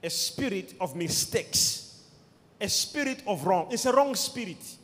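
Male preacher, high and very lively pitch, emphatic and repetitive, long reverb of a hall. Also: a little slow. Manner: emphatic, repeats key words, calls for responses. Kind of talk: sermon.

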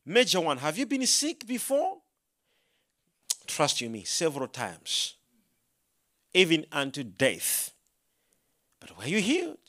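Man, preacher, sermon, lively pitch swings, bright ringing tone, acts out his own prayers. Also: slow pace, long pauses. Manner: animated storytelling, acting out his own prayers; rising to loud emphatic proclamation when quoting scripture.

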